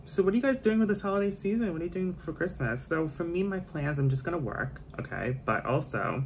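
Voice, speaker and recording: A man's voice: a little high, animated, brisk, noisy background. A man chatting casually while doing his makeup on camera, opinionated and prone to tangents. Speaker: beauty vlogger. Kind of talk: casual chat during a makeup tutorial.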